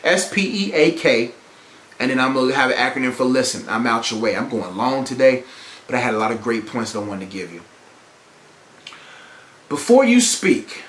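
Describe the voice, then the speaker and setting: A man with a high, very lively voice preaches relationship advice on his podcast, repeating his points with emphasis. The sound is roomy and echoey. He talks like a preacher at a pulpit. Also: slight background noise. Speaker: podcast host. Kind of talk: preachy motivational relationship talk.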